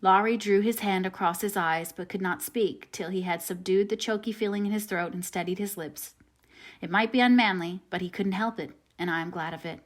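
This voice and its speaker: A woman audiobook narrator reading a classic novel aloud in a measured, gentle way. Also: mid-range voice.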